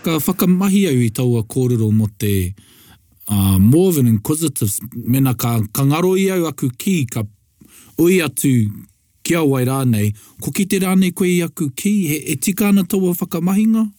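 A man's voice: on the high side, lively intonation, fairly quick, warm tone, dry recording, studio quality. A man, a learner in a language class, thoughtfully asking how a phrase is used.

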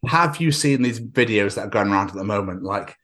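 A man's voice: on the low side, a little fast. Man, English podcast host, crude comedic banter, sweary, laughs a lot. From England. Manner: sweary, laughing, animated storytelling.

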